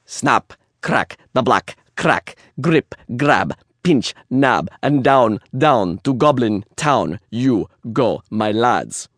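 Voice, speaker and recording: A man's voice: mid-range voice, lively intonation, takes it slowly, few pauses, a bit bright, no echo, studio quality. A man voicing a gang of menacing goblins, chanting a poem in a rhythmic sing-song with a Russian accent. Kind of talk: dramatic reading of a poem.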